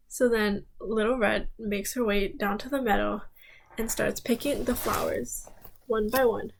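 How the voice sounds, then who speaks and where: A young woman student telling a fairy tale aloud, speaking to her listeners with dramatic pauses. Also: mid-range voice, fairly even intonation, gravelly, low-quality recording. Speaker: student storyteller. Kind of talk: oral fairy-tale storytelling.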